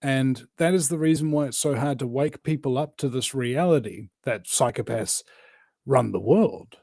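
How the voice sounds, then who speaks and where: A New man talking as a guest, voice of medium pitch. He rambles and presses his points with lots of fillers and restarts. The sound is close and dry, with no room around it. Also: normal speed, creaky, darkish tone, no echo. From New Zealand. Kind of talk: casual conversation.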